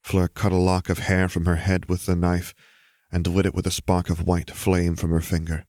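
Male narrator, low voice, steady measured storytelling; dry, close audiobook read. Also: no echo. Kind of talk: audiobook reading of fan fiction.

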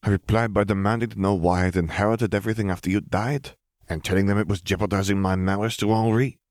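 A sharp-tongued young French witch, expecting a child, who murmurs her reproaches with a teasing bite, as a man reads her in an audiobook. Her voice stays deep and close, with no room sound around it. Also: fairly even intonation, fast, dry recording, natural voice. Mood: teasing, cross. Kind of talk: audiobook character reading.

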